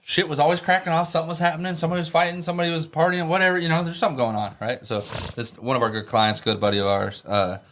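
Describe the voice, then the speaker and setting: A man's voice: fairly high pitch, racing, hardly any pauses, fairly bright tone, a little hiss or hum. A middle-aged man and tattoo artist telling rambling, profane stories in a casual podcast chat.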